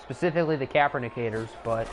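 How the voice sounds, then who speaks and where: A man's voice: medium pitch, quick pace, a little hiss or hum. A man casually commentating a video game football league on a live stream, rambling into chatty asides between plays.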